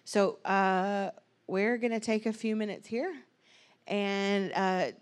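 A woman's voice: medium pitch, fairly even intonation, takes it slowly. Woman giving a conversational sermon. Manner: conversational with many fillers and restarts. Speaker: pastor.

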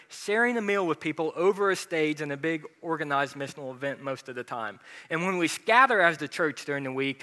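A man preaching a sermon as a pastor, telling funny, self-deprecating stories from his own life. His voice sits fairly high and sounds bright and crisp. It rings out with a long reverb, as if in a large hall. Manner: humorous, self-deprecating anecdotes. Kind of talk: storytelling sermon.

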